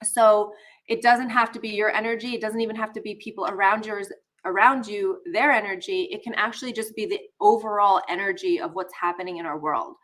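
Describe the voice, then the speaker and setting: A woman's voice: mid-range voice, fairly even intonation, brisk, fairly bright tone. A woman hosting a live online session, teaching casually and talking straight to viewers while a bit under the weather. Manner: chatty, talks straight to viewers, greets chat.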